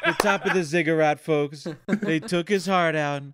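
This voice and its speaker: A man putting on a slow, soothing, mock-grandiose impression of an older male politician during a casual podcast chat. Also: fairly high pitch, heavy background noise, voice pushed up, lightly acted. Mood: mock rally bluster.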